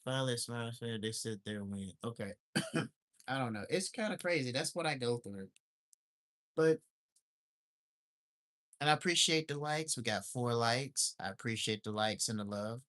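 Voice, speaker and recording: A man who lives in Alaska rants on a casual livestream in a mid-range, slightly bright voice at normal speed, pausing often. Blunt and exasperated, he swears freely and keeps circling back to the same complaints.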